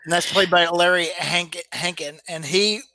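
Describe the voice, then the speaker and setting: A man in a casual podcast chat with a high, bright voice. He speaks haltingly, restarting words and chuckling now and then. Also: steady tone. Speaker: podcast co-host.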